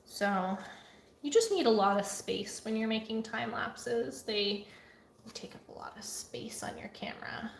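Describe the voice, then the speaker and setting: A woman artist talking casually and chattily through her computer work, at times dropping to a soft murmur. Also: fairly high pitch, unhurried, vocal fry, reverberant, whispered. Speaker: artist vlogger. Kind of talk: casual vlog talk. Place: home art studio.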